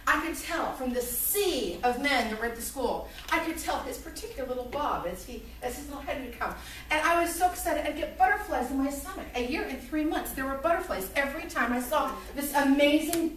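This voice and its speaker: A woman in her forties lecturing to a college class, telling a personal story in an animated way and acting out what people said. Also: high voice, fast talker, a little hiss or hum. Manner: lively, animated storytelling with acted-out quotes. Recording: echoey room, recorded from far off.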